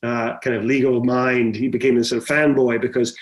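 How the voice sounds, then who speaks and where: A man's voice: mid-range voice, flat delivery, fairly quick. A middle-aged man, a film director, telling stories in a chatty interview with many restarts. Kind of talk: conversational interview.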